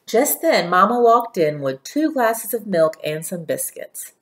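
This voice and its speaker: A woman reading a children's storybook aloud in a gentle, steady storytelling manner. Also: medium pitch, measured pace. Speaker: narrator.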